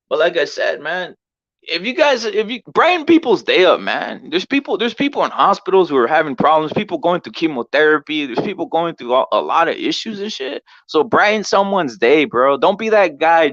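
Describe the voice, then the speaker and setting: A man's voice: medium pitch, a bit bright, no echo. A man hosting a boxing show, telling stories in a loose, profane way, repeating himself and often asking "right?". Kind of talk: casual storytelling. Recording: dull lo-fi dry audio.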